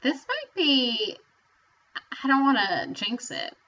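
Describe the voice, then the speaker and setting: A woman co-hosting a casual book-chat podcast, chatty and quick to laugh. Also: high-pitched, muffled recording. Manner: chatty, laughs often, animated. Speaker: podcast co-host.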